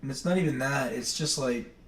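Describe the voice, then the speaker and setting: A man from Maine hosts his morning livestream, wandering from thought to thought and correcting himself as he goes. His voice sits at an ordinary middle pitch. It carries the echo of a roomy space and sounds a little far from the microphone. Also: fairly quick, a bit bright. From New England, Maine. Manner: rambling, chatty, self-correcting. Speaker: livestream host. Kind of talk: casual chat. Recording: echoey room, distant mic.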